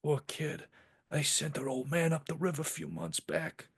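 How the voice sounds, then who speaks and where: A man voicing a gruff, grumbling middle-aged cop dressed as Santa, retelling a cartoon scene on a podcast. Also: fairly high pitch, steady tone, normal speed, pitched above the performer's own voice, exaggerated voice. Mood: gruff joking. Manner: grumbling, wisecracking.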